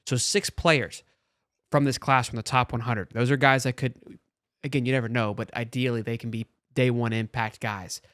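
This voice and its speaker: A man hosting a sports talk show, talking in a casual, animated way with frequent restarts. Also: medium pitch, dry recording, studio quality. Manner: animated, talks fast with restarts.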